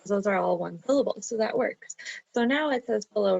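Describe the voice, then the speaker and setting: A woman's voice: mid-range voice, a little fast, gravelly, darkish tone, no room sound. A woman teacher talking through an online class lesson, patiently explaining step by step and counting syllables aloud. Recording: dull lo-fi computer audio.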